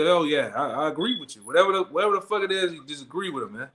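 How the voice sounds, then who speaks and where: A man's voice: on the high side, expressive, rapid-fire, fairly bright tone. A man leading a Bible study in blunt, profane street talk, tagging his lines with "man" and "all right?". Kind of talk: street-style scripture teaching.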